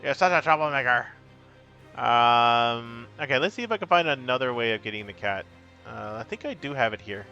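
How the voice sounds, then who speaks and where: A man's voice: mid-range voice, lively intonation, moderate pace, pushed and bright, highs cut off, faint music behind. A man streaming a card game, chatting casually with his viewers in a playful, rambling way. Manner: breaks into silly sing-song. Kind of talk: casual live-stream chat.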